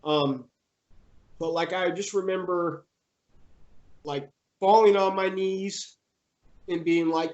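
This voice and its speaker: A man's voice: high voice, steady tone, darkish tone, lo-fi sound. Young male interviewee; hesitant, filler-heavy, emotional. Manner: halting, many fillers and restarts. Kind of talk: personal storytelling in conversation.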